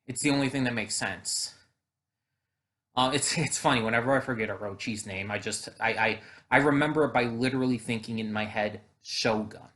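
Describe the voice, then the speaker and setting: Male YouTube reactor, casual chat, filler-heavy and rambling, ordinary middle pitch. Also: brisk, a bit bright, slight background noise. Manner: chatty, rambling, frequent fillers and restarts.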